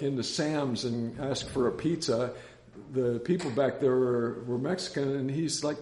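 A man's voice: on the high side, darkish tone. A man teaching a casual Bible study, chatty and rambling, telling anecdotes with many restarts. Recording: roomy echo.

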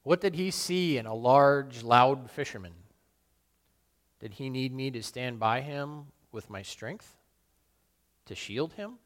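A man playing the apostle Peter, a burly fisherman full of guilt, in a solemn, halting dramatic monologue. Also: mid-range voice, lightly acted. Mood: remorseful. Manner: solemn, halting and self-questioning. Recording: long reverb in a large hall.

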